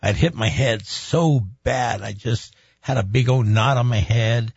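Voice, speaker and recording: A middle-aged pastor in an interview tells a personal story in an unhurried, creaky, slightly rough medium-pitched voice, energetically performing the voices of the people in it. No room sound is present, and the audio is dull, dry, and a little muffled.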